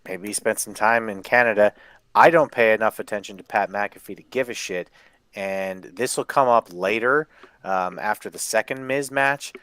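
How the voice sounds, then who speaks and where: A man's voice: lowish voice, normal speed, a bit bright, clean tone, dry recording. A man co-hosting a podcast, bluntly complaining in casual chat and swearing heavily. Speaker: podcast co-host.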